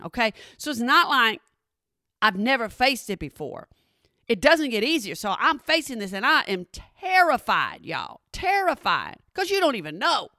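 Middle-aged woman talking right at her followers, high bright voice, super dramatic. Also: normal speed, dry recording, studio quality. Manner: animated, dramatic, talks straight to the audience. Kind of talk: casual storytelling to followers.

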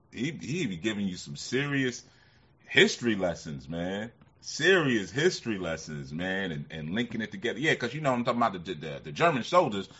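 A man's voice: on the low side, fairly bright tone, husky. A man hosting a casual livestream who rambles, laughs often and uses a lot of fillers. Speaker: livestream host. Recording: slightly muffled lo-fi sound.

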